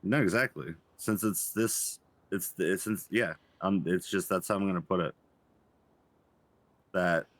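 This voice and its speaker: A man plays a patient, gentle therapist in a crime-game roleplay, his very deep voice recorded dry and close. He speaks hesitantly, restarting phrases as he reassures his client. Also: no echo. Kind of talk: GTA roleplay stream acting.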